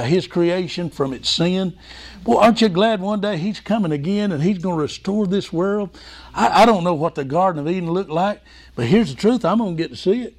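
A man preaching a sermon in a folksy, excitable way. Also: high voice. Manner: folksy, excitable preaching with repeated "hey, listen".

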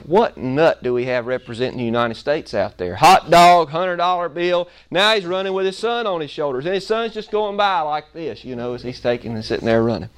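A preacher man tells a homespun story to his congregation, acting out each scene with animated energy. His voice sits high and rings clear and smooth. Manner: animated, folksy, acts out the story. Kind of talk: storytelling sermon.

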